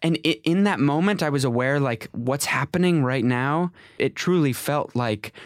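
A man in his twenties, an actor, telling stories from his career in a casual interview, rambling and animated, with many restarts and self-corrections. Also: on the high side, moderate pace, no room sound, studio quality. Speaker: actor, guest.

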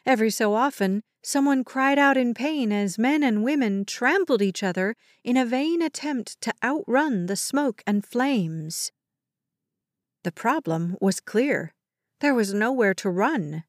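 Casting: slow, measured woman audiobook narrator, fairly high voice, dry close sound. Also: animated, dry recording. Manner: measured, dramatic storytelling. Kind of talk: scripted narration.

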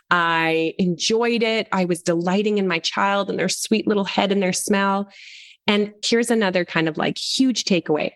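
A middle-aged woman, a parent coach, talking earnestly in a podcast interview and acting out little quoted voices. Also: mid-range voice.

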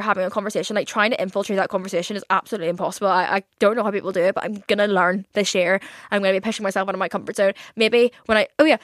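Fast-talking chatty woman. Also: mid-range voice, fairly bright tone, no room sound, studio quality. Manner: chatty, rambling, swears a lot, many fillers. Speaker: podcast host. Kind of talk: casual solo podcast chat.

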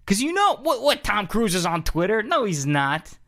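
Animated joking male podcast host. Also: high-pitched, moderate pace, dry recording, studio quality. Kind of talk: casual comedic monologue.

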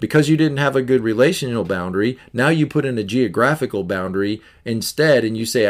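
A man's voice: medium pitch, big pitch swings, a little fast, few pauses. Earnest man hosting a self-help podcast. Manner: earnest, repetitive, conversational teaching. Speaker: podcast host.

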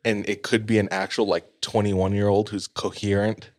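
Low-voiced man telling a story casually. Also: normal speed, dry recording, clean studio sound. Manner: relaxed, hedging, laughs often. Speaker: podcast co-host.

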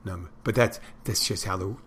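Middle-aged male podcast host, lowish voice, meandering crude storyteller, faint ambience. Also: brisk, fairly bright tone, slight background noise. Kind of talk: rambling casual monologue.

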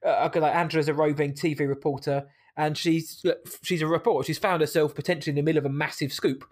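Lively man reviewing films. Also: fairly high pitch. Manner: animated and emphatic, quick to laugh. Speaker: podcast co-host. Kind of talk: casual movie-review chat.

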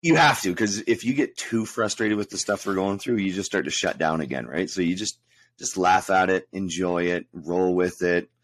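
Low-voiced wry man. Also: normal speed, dry recording, rough recording. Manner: wry, sarcastic, drily joking. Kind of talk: casual chat.

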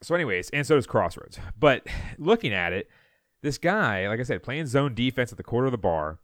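A man co-hosting a podcast, telling a story in casual chat and acting out loud quotes, with many fillers. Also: mid-range voice, fairly quick, no echo, clean studio sound. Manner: animated storyteller, acts out shouted quotes. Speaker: podcast co-host.

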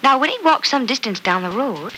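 A patient young woman reading a fairy tale aloud to a child. Her pitch moves in lively swings and her tone is bright. The style is 1940s radio drama. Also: brisk, a little hiss or hum, poor audio. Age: young adult. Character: young bride-to-be, kind aunt figure.

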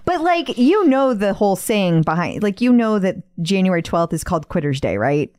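A woman's voice: medium pitch, big pitch swings, normal speed, a little mellow, no room sound. A woman co-hosting a podcast, chatting casually and upbeat, laughing often. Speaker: podcast co-host. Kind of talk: casual chat.

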